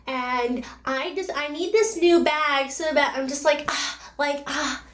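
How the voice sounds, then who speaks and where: A woman's voice: sits high, takes it slowly, reverberant. A woman putting on a whiny valley girl. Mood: exasperated. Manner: whiny, heavy on "like" and "I can't even". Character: shallow young valley girl, dramatic and fed up.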